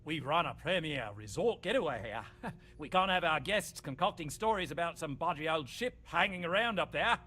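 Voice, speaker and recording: A lively Australian resort boss. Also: male voice, on the high side, moderate pace. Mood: salesy. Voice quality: chatty, salesman-like with chuckles. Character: upbeat male resort executive, salesy and smooth. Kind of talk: video game dialogue.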